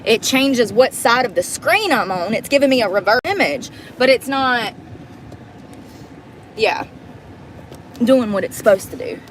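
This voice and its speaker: A woman's voice: fairly high pitch, expressive, unhurried, pauses often, slight background noise, rough recording. Blunt rambling woman vlogging from her car. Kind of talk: casual rambling vlog. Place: parked car. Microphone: phone mic.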